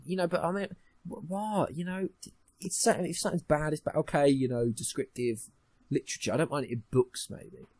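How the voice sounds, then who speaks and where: A man's voice: a little high, brisk, darkish tone. A young man co-hosting a podcast, ranting and mocking in casual chat, swearing often. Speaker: podcast co-host.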